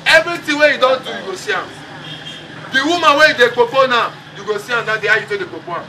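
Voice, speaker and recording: A man's voice: extremely high pitch, animated, fast talker, pushed and bright. A man with a Nigerian accent preaching a funeral sermon, mixing English and Pidgin, calling on the congregation to respond. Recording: distant mic with crowd and noise.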